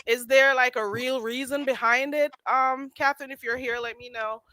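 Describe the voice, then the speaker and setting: A woman's voice: high voice, steady tone, moderate pace, bright, forceful tone, slight background noise, low-quality recording. A woman hosting a casual live chat stream, chatty and laughing as she questions her guests.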